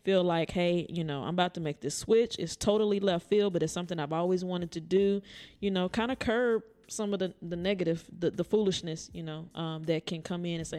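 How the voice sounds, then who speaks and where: A woman's voice: lowish voice, fairly quick, mellow. Motivational woman podcast co-host. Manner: upbeat, motivational, many fillers. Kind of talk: casual chat.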